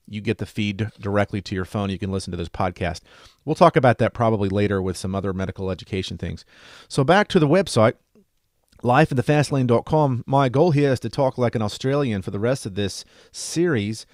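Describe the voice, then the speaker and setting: A man's voice: lowish voice, dry recording, clean studio sound. A man teaching emergency medicine in a casual screen-share lesson, chatty and enthusiastic with light joking.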